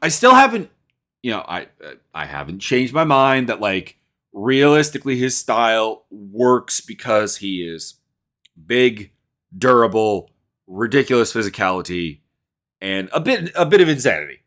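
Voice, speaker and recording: A man hosting his own show, talking through his opinions in a loose, rambling way. His voice sits at an ordinary pitch but swings up and down freely, and he stumbles, restarts and fills gaps with "like" as he builds his points. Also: big pitch swings, a little slow, a bit bright. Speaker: podcast host. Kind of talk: casual commentary.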